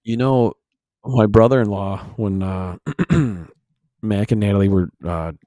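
A young man with a deep, warm voice co-hosts a casual podcast. He tells lively stories and jumps into louder voices for the people he quotes. The sound is dry and close. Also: measured pace, no echo. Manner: animated storyteller, acts out quotes loudly. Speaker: podcast co-host. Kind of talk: casual chat.

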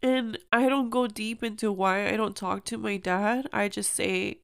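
Gravelly-voiced young woman sharing a personal story. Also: on the high side, normal speed, fairly bright tone. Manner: earnest and emotional, with frequent "like" and "um". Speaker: podcast host. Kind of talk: personal podcast monologue.

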